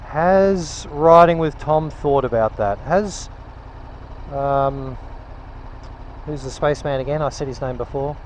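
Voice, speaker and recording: High-voiced man riding in traffic. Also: takes it slowly, pauses often. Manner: rambling, wry, self-interrupting, acts out imagined dialogue. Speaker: motovlogger. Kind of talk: casual ranting monologue while riding. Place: on a motorbike in city traffic. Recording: wind and traffic noise outdoors.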